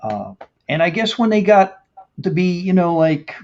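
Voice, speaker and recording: A man's voice: high voice, very animated, measured pace, a little mellow. Chatty man hosting, lo-fi audio. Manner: chatty, laughs often while reading viewer comments aloud. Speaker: host. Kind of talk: casual live-stream interview. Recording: dull lo-fi stream audio.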